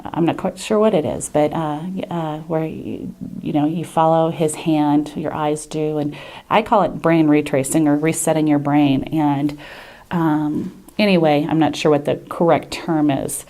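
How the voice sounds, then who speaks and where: A woman speaking as a patient in an unscripted testimonial, hesitant and earnest, pausing often with fillers and restarting her sentences. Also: deep voice, steady tone, dark tone. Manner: earnest and grateful.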